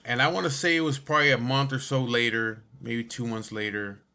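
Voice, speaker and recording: A man's voice: medium pitch, steady tone, a little fast, bright, forceful tone, clean tone. Blunt, swearing male storyteller. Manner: blunt, swearing, lots of filler asides. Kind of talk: casual profane storytelling.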